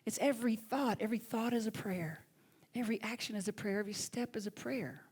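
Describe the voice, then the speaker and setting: A woman minister with a Southern accent, preaching a sermon and telling a personal story with lively swings from loud to hushed. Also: on the high side, fairly quick, breathy edge. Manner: animated, swings from loud to hushed near-whisper. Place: church sanctuary.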